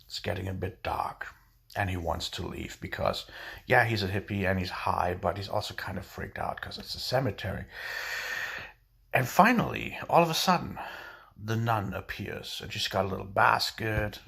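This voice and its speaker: A man telling a dirty joke in a drawn-out, relaxed storytelling way. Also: low voice, gravelly. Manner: drawn-out, relaxed pacing with fillers.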